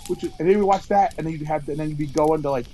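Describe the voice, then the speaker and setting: A man's voice: a little high, very fast, dark tone, a little hiss or hum, rough recording. A man co-hosting a podcast outdoors at a campfire, telling rambling stories, swearing and acting out quotes. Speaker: podcast co-host. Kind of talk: casual storytelling chat.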